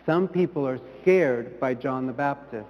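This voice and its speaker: A priest giving a sermon in an earnest way, rising to emphatic peaks and then dropping soft. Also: male voice, medium pitch, unhurried, long reverb tail, lo-fi sound. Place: church.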